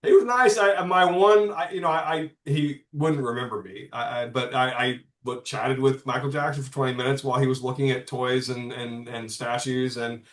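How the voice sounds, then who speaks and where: A man's voice: mid-range voice, steady tone, moderate pace, hardly any pauses, a bit bright, reverberant. A man in his fifties telling stories in a casual podcast chat, rambling with lots of restarts and the odd curse. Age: 50s. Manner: rambling, frequent restarts and profanity. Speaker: comics publisher guest.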